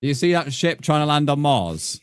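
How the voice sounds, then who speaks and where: A man's voice: fairly high pitch, very animated, fairly quick, smooth, no room sound. A man chatting casually with viewers while streaming a game, rambling and full of crude jokes. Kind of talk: casual live-stream chat while gaming.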